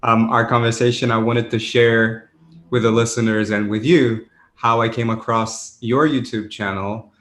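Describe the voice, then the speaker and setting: A man's voice: medium pitch, little pitch movement, normal speed, fairly bright tone, echoey room. A man hosting a podcast, introducing the episode and chatting in a friendly way, sometimes restarting his sentences. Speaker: podcast host. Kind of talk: podcast intro and casual interview.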